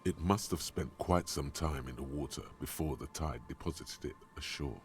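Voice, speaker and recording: A man's voice: a bass voice, normal speed, a little hiss or hum. A man narrating a game in a sardonic, theatrical way.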